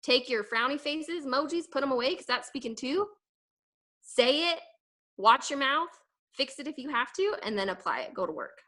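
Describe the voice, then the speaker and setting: A young woman giving an energetic, emphatic motivational talk to her sales team, rambling quickly with fillers. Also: sits high. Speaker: direct sales team leader. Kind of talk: casual motivational talk to camera.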